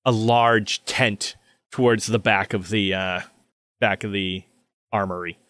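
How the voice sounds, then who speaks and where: A man running a tabletop game as game master, narrating with many fillers and pauses. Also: fairly low pitch, fairly even intonation, fairly bright tone, no echo, clean studio sound.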